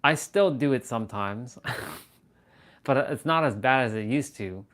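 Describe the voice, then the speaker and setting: A man hosting a casual livestream, talking to his viewers in a rambling, self-amused way, sometimes slowing into a hushed, intense delivery, into a camera on a tripod at eye level. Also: mid-range voice, lively intonation. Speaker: livestream host.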